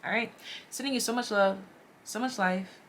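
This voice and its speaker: A woman giving a casual, chatty tarot reading straight to her viewers, animated and slangy. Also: mid-range voice, moderate pace, slight background noise. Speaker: tarot reader.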